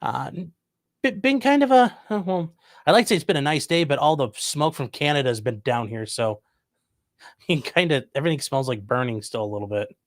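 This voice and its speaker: A man's voice: medium pitch, brisk, no echo. A man from Ohio hosting a livestream, casually reading viewer comments aloud and answering them with dry jokes. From Ohio, USA. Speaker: livestream host reading chat. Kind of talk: casual chat.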